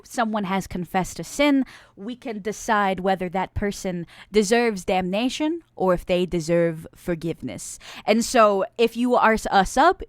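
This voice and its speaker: A playful woman from the US West Coast chats with her stream audience and reads their messages aloud, often breaking into giggles. Her voice sits at an ordinary middle pitch. The sound is dry, with no room echo. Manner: chatty with frequent fillers and restarts. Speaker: streamer host. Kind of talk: casual live-stream chat, reading chat messages.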